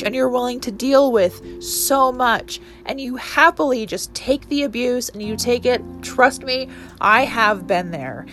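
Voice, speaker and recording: An earnest young woman in her twenties talks alone on her podcast, her voice sitting a little high. She rambles and restarts, growing emotional as she goes. Faint music plays softly behind her. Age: 20s. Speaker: podcast host. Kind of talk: casual solo podcast monologue.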